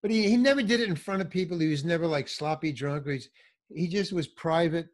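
An older man telling a comic story in casual chat, acting out the people in it with big jumps in his voice. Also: fast talker. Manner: animated, acts out quotes with big pitch jumps. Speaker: comedian guest telling stories.

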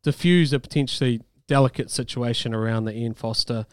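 Kiwi male breakfast co-host, easygoing banter, mid pitch, dry studio sound. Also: a little fast, clean tone, no echo. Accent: New Zealand. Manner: chatty, laughs often, warm praise for guests. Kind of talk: casual radio banter. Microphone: studio mic, dry.

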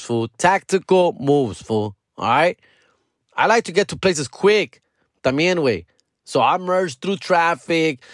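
A man's voice: medium pitch, a bit bright, no room sound, clean studio sound. A middle-aged man venting in a casual, profane monologue, slipping into Spanish slang. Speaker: comedian podcaster.

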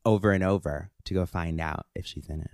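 A woman's voice: very deep voice, darkish tone, dry recording, clean studio sound. A woman co-hosting a casual podcast with her sisters, reading out listener questions in a teasing, playful way. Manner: teasing, playful, drawn-out emphasis.

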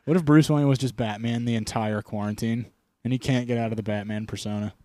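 A man co-hosting a casual comedy podcast, joking crudely and slipping into gruff low voices for the bits. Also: steady tone, brisk, dark tone, no room sound. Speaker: podcast co-host.

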